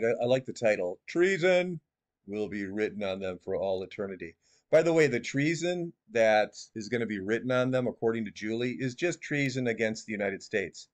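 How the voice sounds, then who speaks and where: A man giving casual critical commentary on a video, reading out claims and adding sarcastic, mocking asides. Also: fairly low pitch.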